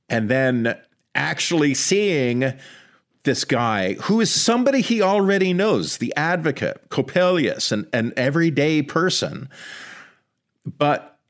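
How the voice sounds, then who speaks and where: A man in a casual discussion of a story, animated and conversational, swearing now and then. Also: on the low side.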